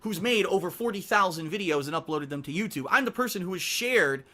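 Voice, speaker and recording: Guy with a high tense voice going off on a long emphatic rant, repeats himself a lot. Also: expressive, a little fast, bright, forceful tone. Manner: emphatic, repetitive, indignant. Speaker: content creator. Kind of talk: emotional ranting speech to camera.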